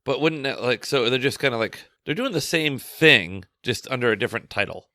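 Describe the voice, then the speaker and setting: A man's voice: medium pitch, lively intonation, fairly quick, pushed and bright, no echo, clean studio sound. A man co-hosting a casual podcast, teasing and cracking jokes. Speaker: podcast co-host. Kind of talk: casual chat.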